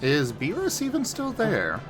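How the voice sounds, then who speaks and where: A man's voice: high-pitched, measured pace, soft background music. A man hosting a gaming stream, chatting casually and playfully with his friends. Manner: relaxed, playful, chanting teasing lines. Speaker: streamer host.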